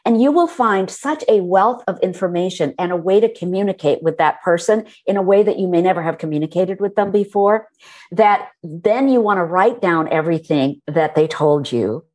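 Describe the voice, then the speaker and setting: A woman author being interviewed, who tells her stories in a warm, animated way. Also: on the low side, normal speed. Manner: warm, storytelling, animated when recalling moments. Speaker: author and guest. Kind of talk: conversational interview.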